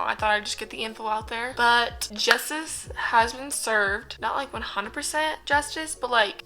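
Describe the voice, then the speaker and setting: A woman's voice: a little high, bright, forceful tone, low-quality recording. Chatty young woman vlogger. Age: young adult. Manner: chatty, joking asides to the viewer. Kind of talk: casual storytime vlog.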